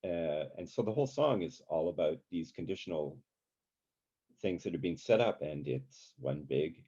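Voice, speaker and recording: Low, dark-voiced man teaching songwriting. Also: animated, moderate pace, slightly rough. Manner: chatty, many fillers, sings and hums examples. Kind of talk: informal workshop lesson. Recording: dull lo-fi sound.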